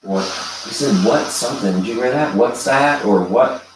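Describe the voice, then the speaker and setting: A man hosts a live ghost hunt, calling out softly and coaxingly to a spirit. His voice, of middling pitch, reaches the camera from across a large room and echoes heavily around it. A faint hum of room ambience sits underneath. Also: normal speed, recorded from a distance. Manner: hushed, coaxing calls to a spirit. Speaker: paranormal event host. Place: large old hotel room, indoors.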